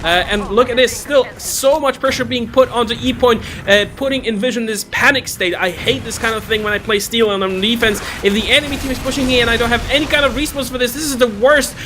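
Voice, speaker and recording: A male esports caster giving excited play-by-play commentary, straining as he loses his voice. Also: extremely high pitch, quick pace, hardly any pauses, slight background noise. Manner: excitable, shouts at big plays. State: losing his voice.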